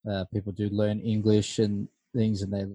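A man's voice: on the low side, completely flat delivery, moderate pace, warm tone, dry recording. A middle-aged man co-hosting a podcast, easygoing and asking questions. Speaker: podcast co-host. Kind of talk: casual podcast chat.

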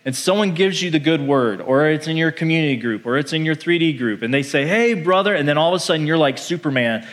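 Male pastor, sermon delivery, animated and conversational, voice a touch higher than most men. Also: quick pace, few pauses. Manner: animated, conversational preaching that acts out quoted voices.

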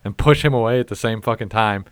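A young man tells a profane, animated story as a podcast host in casual chat. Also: on the low side, fast, clear, resonant tone, no echo.

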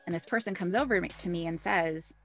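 Woman in her 30s chatting on a podcast, kinda low voice, spills personal stories, laughs a lot, faint music under it. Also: fairly quick. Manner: candid, laughs often, animated when telling stories. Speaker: podcast co-host. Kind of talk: casual chat, personal storytelling.

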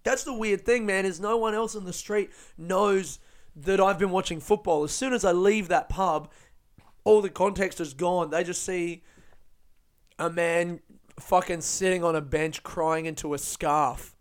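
A man hosting a podcast, telling stories in an animated, sweary way and laughing often. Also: high voice, unhurried. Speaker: podcast host and stand-up comedian. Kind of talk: casual podcast monologue.

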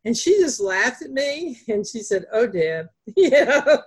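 A woman's voice: sits high, expressive, measured pace, slightly rough. A woman author from North Carolina with a Southern accent, telling rambling stories in a casual chat, with many fillers and restarts. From Greensboro, North Carolina.

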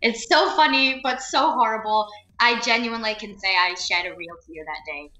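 A young actress from New Jersey chats in a casual interview, laughing often and peppering her talk with "like" and "um". Her voice is fairly high and sharp at a normal pace, recorded in an echoey room with the highs cut off.

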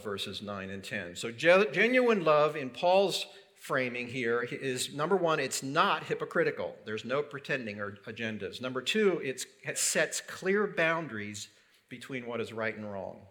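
A man's voice: medium pitch, bright, forceful tone. A man preaching a sermon in a conversational way, asking rhetorical questions and adding light humor. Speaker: pastor.

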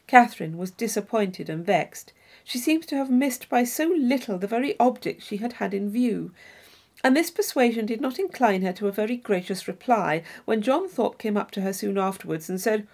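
A woman reading a classic novel aloud as an audiobook narrator, measured and even. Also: fairly high pitch. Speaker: audiobook reader. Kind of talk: scripted narration.

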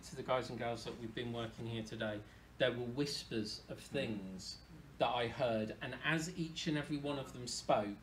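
A man, a medium talking casually to an audience, chatty and animated. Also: medium pitch, a little hiss or hum. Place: hall with an audience.

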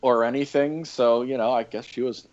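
A man's voice: medium pitch, steady tone, normal speed, darkish tone. A man guesting on a podcast, telling stories in a laid-back, casual way with frequent fillers. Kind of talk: casual interview chat. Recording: dull lo-fi audio.

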